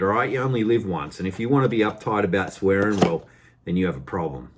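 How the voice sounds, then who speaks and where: Man, Australian accent, very low voice, casual vlog rant, sweary, frustrated. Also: animated, fairly quick, slightly rough. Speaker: car vlogger.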